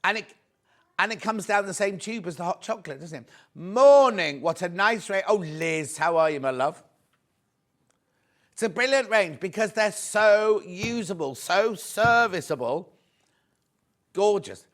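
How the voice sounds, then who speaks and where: A man's voice: high voice, expressive, unhurried, a bit bright. Upbeat man selling on live TV. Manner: chatty, upbeat, urging viewers repeatedly. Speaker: shopping channel presenter.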